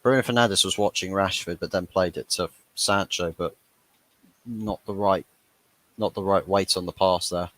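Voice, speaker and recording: A man's voice: low voice, steady tone, normal speed, fairly bright tone, no echo. A young man hosting a fan watchalong, chatting casually through the match and laughing at his own jokes. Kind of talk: live match reaction commentary.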